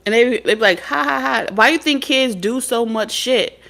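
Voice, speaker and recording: A woman's voice: a little high, moderate pace, a bit bright. A woman and mother, a spirit medium, talking bluntly and profanely in a casual, preachy monologue. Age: adult mother of several children. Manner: blunt, profane, streetwise storytelling. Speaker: spirit medium and tarot reader.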